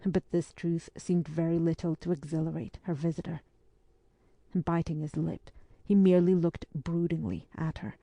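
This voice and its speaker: Sex: woman. Role: audiobook narrator. Style: scripted narration. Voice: low, mellow, dry. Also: fairly even intonation, moderate pace, no echo.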